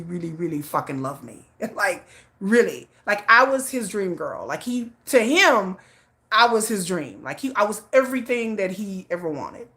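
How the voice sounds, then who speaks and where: A woman host telling a candid personal story on a livestream in a blunt, animated way, laughing often and cursing. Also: fairly low pitch.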